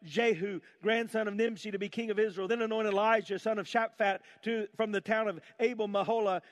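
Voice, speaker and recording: A man's voice: sits high, steady tone, voice pushed up, lightly acted. A man voicing God, firmly giving instructions to a prophet. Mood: commanding. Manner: firm, instructing, measured. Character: commanding divine male voice giving orders. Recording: long hall reverb.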